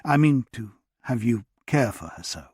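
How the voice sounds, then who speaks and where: Narrator voicing a weary widowed doctor of a bygone era, husky, halting and courteous, in an audiobook. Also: male voice, mid-range voice, animated, darkish tone, dry recording, studio quality. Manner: hesitant, courteous. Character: tired, earnest widowed doctor in period England.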